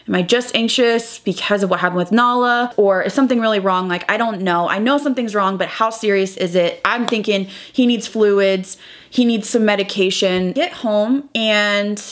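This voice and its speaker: Young woman vlogger, rambling emotional story, lots of "like" and quoting people while she does her makeup. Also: medium pitch. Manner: emotional storytelling full of "like" and quoted dialogue. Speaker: beauty vlogger. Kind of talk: personal life update while doing makeup.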